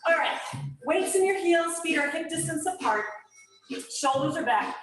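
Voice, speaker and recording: A woman's voice: very high voice, expressive, moderate pace, fairly bright tone. A woman leading a live fitness class, talkative and encouraging, giving step-by-step cues and counting out reps. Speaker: fitness instructor. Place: echoey studio with music playing. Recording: very echoey room, music behind. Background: workout music.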